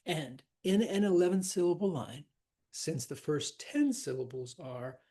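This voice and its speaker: A teacher lectures on poetic meter in a slow, unhurried way. The voice is husky and a little breathy. Asides and fillers keep the talk loose, and now and then the stresses are tapped out in sing-song syllables. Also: medium pitch, animated, mellow. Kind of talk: classroom lecture on verse.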